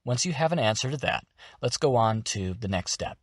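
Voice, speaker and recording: A man's voice: mid-range voice, expressive, a little fast, slightly rough, no echo, clean studio sound. A man hosting a voice-acting tutorial, explaining steps in an upbeat, encouraging way. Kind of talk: instructional narration.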